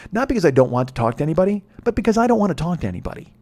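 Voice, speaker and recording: A man hosting a podcast, telling a profane, ranting comedic story that swings between muttering and loud exasperation. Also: high-pitched, very animated, racing. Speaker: podcast host. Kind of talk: rambling comedic monologue.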